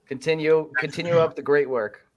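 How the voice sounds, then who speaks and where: A man's voice: a little high, steady tone, brisk, over a noisy crowd. A man giving upbeat encouragement in a casual group video chat.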